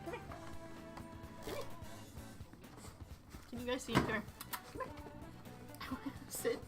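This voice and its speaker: A woman's voice: sits high, sing-song, extremely slow, loud music behind the voice. A woman streaming a game live from home, chatting playfully with her viewers and her dog and laughing often. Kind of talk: live gameplay commentary.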